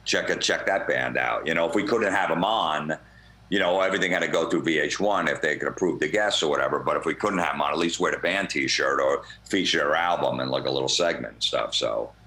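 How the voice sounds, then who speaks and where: A comedian being interviewed, telling rambling, profane, laid-back anecdotes in a casual way. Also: male voice, rumbling low, fast talker, pushed and bright, roomy sound. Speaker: comedian guest.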